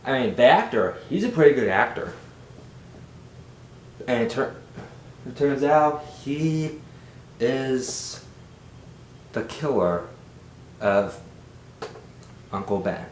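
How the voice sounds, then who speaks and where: Animated man reviewing a movie, roomy sound. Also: takes it slowly, pauses often. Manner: animated, exasperated, rambling. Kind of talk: casual film review. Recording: roomy with faint rumble.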